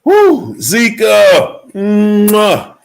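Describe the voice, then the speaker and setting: Addressing his viewers head-on, a motivational livestream host talks with emphasis, lurching from high exclamations down to low murmurs. His gravelly voice swoops wildly in pitch, and he speaks very slowly.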